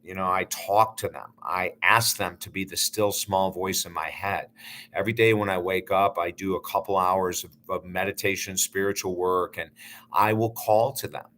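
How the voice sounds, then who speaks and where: Host: man, earnest heartfelt storyteller, low-ish voice, faint hiss behind. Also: fairly even intonation, normal speed, a bit bright. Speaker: life coach and channel host. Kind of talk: personal storytelling to camera.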